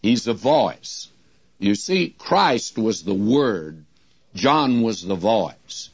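An older man who teaches the Bible on radio delivers a sermon at a very slow, unhurried pace, speaking plainly and deliberately and reading scripture in old English. His voice is on the low side with big pitch swings and a breathy edge. The sound is dry and dull, like an old lo-fi radio broadcast.

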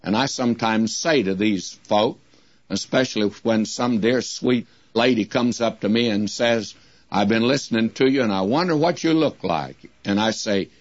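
An older man teaching a Bible passage on the radio, in a plain-spoken, deliberate way and quoting scripture in old English. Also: lowish voice, dry recording. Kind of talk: radio sermon. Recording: dull lo-fi radio recording.

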